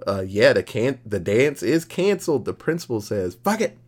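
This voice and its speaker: A man co-hosting a podcast, casually recapping a horror movie plot with lots of swearing and jokes, slipping into quick voices for the characters. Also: lowish voice, very animated. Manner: profane, jokey, acts out characters mid-recap. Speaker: podcast co-host.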